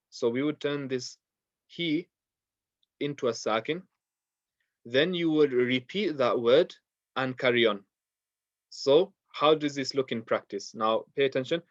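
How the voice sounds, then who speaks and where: Male recitation teacher: steady, repeats each step, mid pitch, dry and slightly muffled audio. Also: no room sound. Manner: patient, repeats steps, recites verses in Arabic. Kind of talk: online class lesson.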